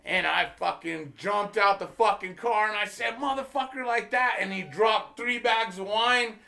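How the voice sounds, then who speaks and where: A man's voice: high-pitched, measured pace, gravelly. A man, a comedian guest on a podcast, telling a story in casual chat, swearing freely and acting out the dialogue he quotes. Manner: profane, animated, acts out quoted dialogue.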